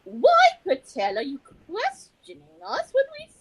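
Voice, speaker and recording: A woman's voice: extremely high pitch, wildly swooping pitch, a little slow, pitched above the performer's own voice, exaggerated voice. A woman putting on an English accent to play indignant male British conference organizers, mock-offended and exaggerated.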